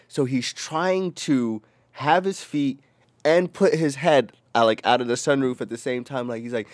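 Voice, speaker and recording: Animated young man telling a story. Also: medium pitch, measured pace, dry recording, studio quality. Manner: animated, profane, acts out quotes in a raised voice. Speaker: podcast co-host. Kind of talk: casual storytelling chat.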